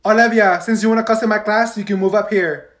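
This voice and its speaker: A man's voice: high-pitched, steady tone, fast talker, fairly bright tone, voice pushed up. Man playing a strict woman teacher, bossy and scolding. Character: strict, peppy female schoolteacher.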